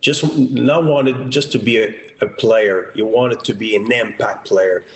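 A man with a fairly low voice talks earnestly about coaching an athlete, often restarting his phrases. The sound is roomy and echoey. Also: fairly even intonation, a little slow, slight background noise. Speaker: athletic trainer. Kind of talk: interview recollection. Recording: echoey room.

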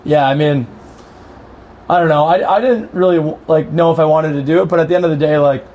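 A man's voice: a little high, fairly quick, dull audio. A young man chatting on a podcast, laid-back and rambling. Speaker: podcast guest. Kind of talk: casual podcast chat.

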